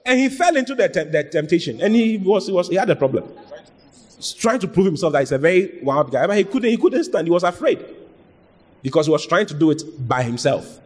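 A man's voice: sits high, animated, brisk, breathy edge. A man preaching a sermon, emphatic and repetitive, often checking in with the congregation with questions. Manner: emphatic, repeats phrases, asks the congregation questions. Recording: reverberant hall.

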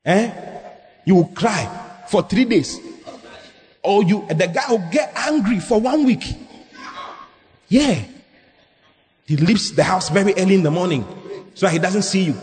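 A man preaches with a high, lively voice, leaning into humor and call-and-response. His speech rings in a hall with a long echo. Faint background noise hangs underneath. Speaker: pastor. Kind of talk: sermon.

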